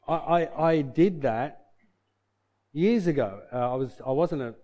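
A man preaches a sermon, mixing scripture reading with a lively personal story. His voice sits slightly high but warm and mellow. He talks in an earnest, conversational way. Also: measured pace, highs cut off. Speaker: pastor.

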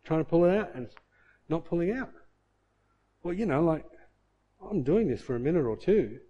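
A man's voice: animated, normal speed, highs cut off. A middle-aged man preaching a sermon and telling a story from his own life, acting out his own muttering to himself along the way. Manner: storytelling, acts out his own inner grumbling in a low mutter. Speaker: pastor.

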